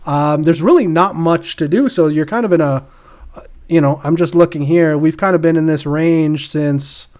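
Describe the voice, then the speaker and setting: Male podcast co-host, a bit higher-pitched, loose and rambling, laughs easily. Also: moderate pace, a little mellow. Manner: rambling, laughs often, many fillers and restarts. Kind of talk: casual crypto market chat.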